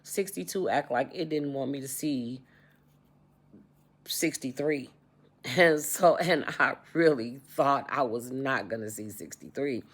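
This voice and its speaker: Speaking unhurriedly in a rumbling low voice with a breathy edge, an American woman in her sixties shares a personal story on her vlog, repeating points and animatedly quoting dialogue.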